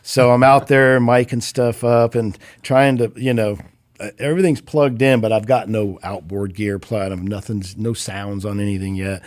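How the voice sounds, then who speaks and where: A man in his fifties, a recording engineer, telling stories casually in an interview and acting out quoted voices with lively jumps in pitch. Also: normal speed, no echo, studio quality. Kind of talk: casual storytelling. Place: recording studio.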